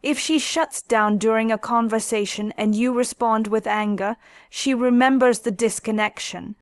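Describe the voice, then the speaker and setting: A woman calmly narrating scripted relationship advice in a slow, soft, intimate way. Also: on the high side, no room sound.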